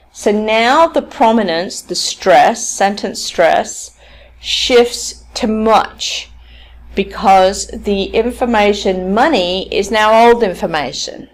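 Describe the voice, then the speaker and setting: A woman lecturing at university level, explaining points step by step, checking in with "okay?" and demonstrating stress and intonation on example sentences. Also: medium pitch. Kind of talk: recorded academic lecture.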